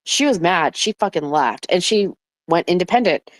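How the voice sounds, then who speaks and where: A woman hosting a casual talk in an online audio room. She speaks bluntly and heatedly, swears freely, and her voice sits a little low. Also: animated, moderate pace, dry recording. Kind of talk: casual political chat.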